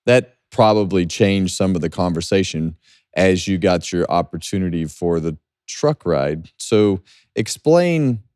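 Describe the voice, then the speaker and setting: A man hosting a podcast, asking halting questions and adding short replies. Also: low voice, expressive, darkish tone, clean tone, no echo, clean studio sound. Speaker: podcast host. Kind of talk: casual interview.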